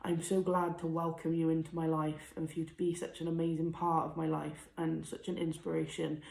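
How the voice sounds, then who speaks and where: Young girl doing a teary heartfelt vlog, kinda low voice, echoey room. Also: level tone, brisk, gravelly. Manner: heartfelt, tearful, laughing softly. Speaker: vlogger. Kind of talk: emotional personal vlog.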